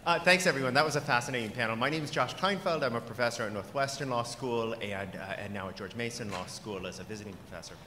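A man in the audience of a conference hall poses a long, winding question, halting often with fillers. The hall gives his voice a long reverb. Steady background noise sits beneath him. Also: mid-range voice. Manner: hesitant, many fillers, rising emphasis. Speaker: law professor asking an audience question. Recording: echoey hall with audible noise.

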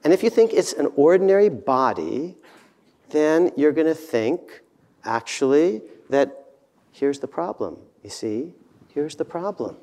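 A man giving a debate speech, halting with many fillers, confident and dismissive at points, with self-deprecating humor. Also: fairly high pitch, very animated, darkish tone. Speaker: debate speaker.

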